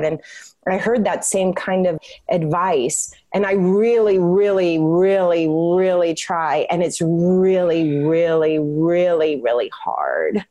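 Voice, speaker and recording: A woman's voice: on the low side, slow pace, mellow. Earnest woman repeating words for emphasis. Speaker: guest. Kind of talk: casual podcast conversation.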